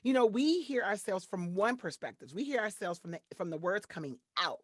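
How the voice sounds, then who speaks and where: A woman's voice: a little fast, no room sound, clean studio sound. Middle-aged woman from detroit, voiceover artist, chatty and playful, bouncy voice that swoops up and down. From Detroit, Michigan. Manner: animated, playful, acts out quotes in high voices. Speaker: podcast guest, voiceover artist. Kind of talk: casual interview chat.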